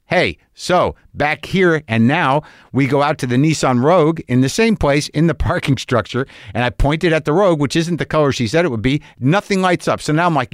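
A man in his sixties, telling a long story in casual monologue, animated and exasperated, swearing and acting out both sides of the dialogue. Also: on the high side, moderate pace, few pauses, no room sound, studio quality.

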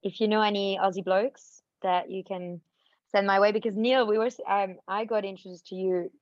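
A woman appearing as a guest on a podcast, talking warmly and effusively, over a dull remote line. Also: mid-range voice, moderate pace, no echo. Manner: warm, effusive thanks, animated. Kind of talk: casual podcast chat.

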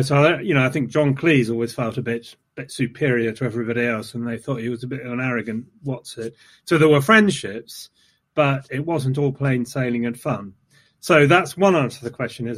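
Man, casual podcast host, rambling, self-deprecating, pitch jumping up and down. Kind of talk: casual conversation.

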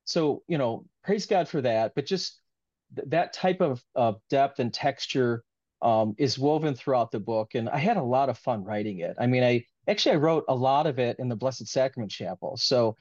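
A man of middle pitch talks earnestly and at length in a casual interview, circling back on his thoughts with heartfelt warmth. The audio is dull and lo-fi. The room is dry and close. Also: normal speed, no echo. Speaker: author being interviewed.

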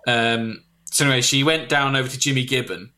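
A man telling a rambling comic story on a podcast, jumping into loud put-on voices for the people in it. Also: mid-range voice, fairly quick. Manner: animated, shouts and squeals when quoting others.

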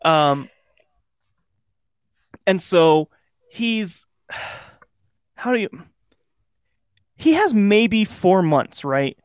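A man's voice: high-pitched, expressive, drawn-out words, pauses often, clean tone, no echo, studio quality. A young man co-hosting a podcast, chatting casually and sarcastically, acting out movie lines as he goes. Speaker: podcast co-host. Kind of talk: casual chat.

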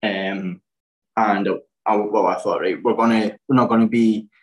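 A man's voice: lowish voice, steady tone, measured pace, poor audio. A man in his twenties talks casually as a podcast guest. He wanders through his story with plenty of fillers and false starts. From Scotland. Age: 20s. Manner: rambling, many fillers and restarts. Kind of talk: casual chat.

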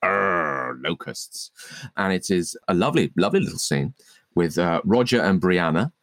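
A man's voice: sits low, expressive, a little fast, dry recording. A man co-hosting a comic podcast, making playful, mock-grand introductions. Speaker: podcast co-host.

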